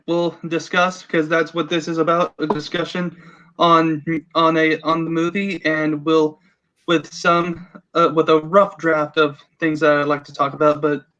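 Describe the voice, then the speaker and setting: A man hosting a casual podcast, halting and playfully teasing his co-host. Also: on the high side, flat delivery, fairly bright tone. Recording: dull lo-fi audio.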